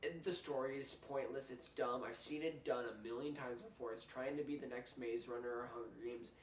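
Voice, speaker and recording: Young man, blunt animated movie rant, roomy echo, distant mic, faint hiss. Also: mid-range voice, a little fast. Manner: blunt, animated ranting with restarts. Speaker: movie reviewer host. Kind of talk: casual film review chat.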